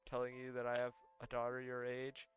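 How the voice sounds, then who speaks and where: Streamer doing an easygoing dad figure, monotone, mid pitch. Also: male voice, a little fast, soft background music, natural voice. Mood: calm. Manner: flat monotone reading. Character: calm middle-aged father, easygoing.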